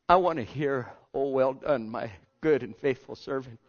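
A man preaching a sermon with passion, swinging between loud pleading and hushed, almost whispered lines. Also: mid-range voice, normal speed. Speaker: pastor. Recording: lo-fi dull sound.

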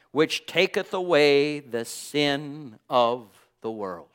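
A man with a somewhat high voice preaching with fervor. He repeats phrases in a rolling cadence and scatters "praise God" through his lines. His volume swings from ringing declarations down to hushed, almost whispered words. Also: takes it slowly, few pauses, smooth. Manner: fervent, peppered with "praise God" and "hallelujah"; repetitive, rhythmic preaching cadence. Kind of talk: sermon.

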